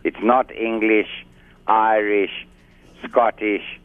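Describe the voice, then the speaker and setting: A man's voice: lowish voice, fairly even intonation, very slow, no room sound. A man with a South African accent, a guest doctor in a radio interview, talking in a formal, chatty, self-assured way. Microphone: phone line. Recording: tinny phone line.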